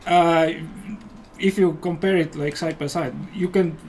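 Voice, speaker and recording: A man's voice: fairly high pitch, fairly even intonation, a little slow, a little mellow. A man with an Estonian accent chatting casually while playing a game on a livestream, rambling and enthusiastic. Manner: rambling and enthusiastic, many fillers. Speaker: game developer and guest player.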